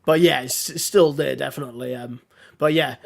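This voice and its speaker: A man chatting casually as a podcast guest, hoarse from a throat infection, talking in a friendly, rambling way with frequent laughs. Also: medium pitch, steady tone, a little fast. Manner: chatty, laughs often, restarts. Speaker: guest streamer.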